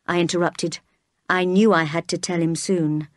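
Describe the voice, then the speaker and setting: A woman reading a graded reader aloud, calm and clear, as a storyteller. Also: lowish voice, normal speed, no echo, clean studio sound. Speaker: narrator.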